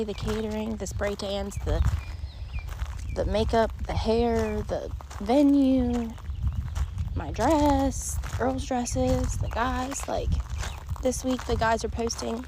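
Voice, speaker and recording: A woman in her thirties, tearful, speaking in an emotional, halting, rambling way in a personal vlog. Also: on the high side, steady tone, background noise. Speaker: vlogger. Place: rural home, barn nearby.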